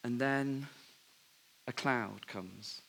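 A man preaching a sermon, telling a Bible story with lively asides and dropping softly when he gives God's words. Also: mid-range voice, very slow, creaky. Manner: animated storytelling, drops to soft voice for God's words. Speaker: pastor.

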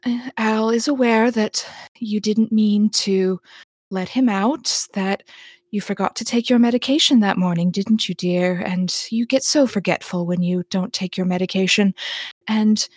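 Role: woman playing a smug medium at a séance, slow and sugary, dry close sound. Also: medium pitch, a little mellow, slightly rough, dry recording. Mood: indulgent. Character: sly, indulgent woman spirit medium.

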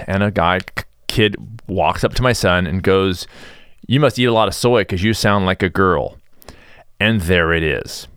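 A middle-aged man talks bluntly in a casual solo podcast, telling his story with plenty of energy. His fairly low voice swings widely up and down. The sound is dry and close. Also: fairly bright tone, smooth, no echo. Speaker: podcast host. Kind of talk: casual monologue.

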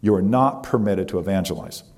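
A man's voice: deep voice, fairly quick, darkish tone. A man voicing an angry male police interrogator who demands answers and issues threats.

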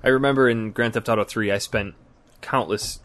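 A man's voice: lowish voice, steady tone, brisk, a bit bright. A man co-hosting a gaming podcast in loose, joking casual chat, often trailing off mid-sentence. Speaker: podcast co-host.

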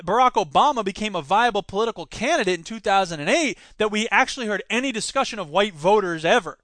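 A man hosts his own podcast, riffing in an animated, sarcastic way. His voice sits high and sounds bright and crisp. The room is dry, with no echo. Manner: animated, sarcastic, mocks others in put-on voices. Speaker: podcast host. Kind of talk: solo political commentary podcast.

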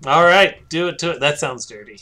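A man's voice: on the high side, a little fast, bright, forceful tone. A man co-hosting a comedy podcast, playful and teasing in casual banter. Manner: playful, eggs his partner on. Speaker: podcast co-host.

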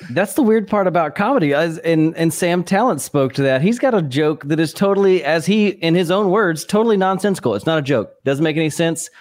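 A man's voice: on the high side, lively intonation, brisk, hardly any pauses, dry recording, clean studio sound. A man hosting a casual podcast interview, musing loosely about comedy and often chiming in with short replies. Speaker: podcast host.

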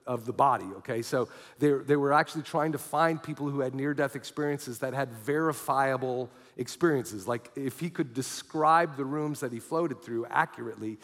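A man's voice: mid-range voice, moderate pace, few pauses, fairly bright tone. A male pastor telling a story in a sermon, animating the quoted voices as he goes. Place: church hall. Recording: long hall reverb.

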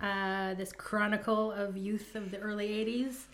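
A woman's voice: medium pitch, fairly even intonation, a little slow, faint music behind. A woman co-hosting a podcast in casual chat, giggly and hesitant as she thinks aloud. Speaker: podcast co-host.

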